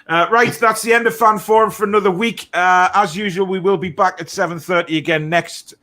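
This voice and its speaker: A man hosts a relaxed fan show. His voice sits a little high for a man, and his delivery is easygoing and jokey, with words often said twice or three times. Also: fairly quick. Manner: laid-back, jokey, repeats words. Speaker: host. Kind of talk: casual chat.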